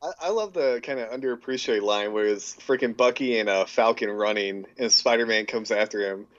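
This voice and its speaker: A man's voice: lowish voice, brisk. Rambling young man, slightly muffled. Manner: enthusiastic, rambling with fillers and restarts. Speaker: podcast co-host. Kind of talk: casual chat. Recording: slightly dull lo-fi mic.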